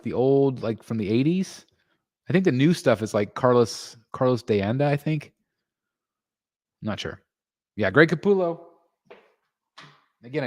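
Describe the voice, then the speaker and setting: A man in the middle of the usual pitch range hosts a relaxed live stream from home. He chats with viewers, reads out their comments and thanks new members, and his voice lifts sharply when he gets excited. The sound is dry and close, with almost no room echo. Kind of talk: casual live stream chat.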